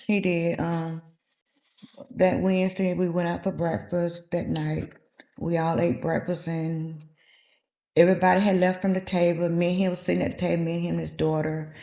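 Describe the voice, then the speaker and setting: Gravelly-voiced woman in her fifties telling her story. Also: on the low side, flat delivery, normal speed, dark tone. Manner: vivid retelling, acting out quoted dialogue. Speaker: guest. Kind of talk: personal storytelling. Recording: echoey room.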